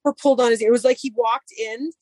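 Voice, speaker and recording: A woman's voice: fairly high pitch, steady tone, quick pace, mellow, no echo. A woman chatting casually and telling a long story about her dogs, full of "like" fillers. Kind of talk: casual chat.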